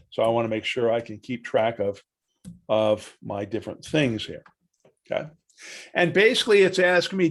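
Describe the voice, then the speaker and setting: A man leading a live online software training, walking through each step aloud and quizzing the class with true-or-false questions. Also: medium pitch. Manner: chatty, asks the class questions, walks through steps aloud.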